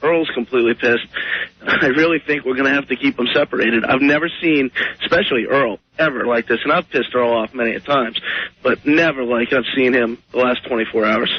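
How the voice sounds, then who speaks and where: A man's voice: medium pitch, a little fast, slightly rough. A man who works at the station giving a sincere, serious account on air. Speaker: station staffer. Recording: dry lo-fi radio broadcast.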